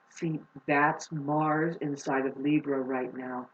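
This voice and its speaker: A woman vlogger rants about astrology in a profane, heated monologue. She jumps from loud outbursts to low, slow explaining. She sounds distant from the mic, with a roomy echo and dull, muffled audio. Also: fairly even intonation.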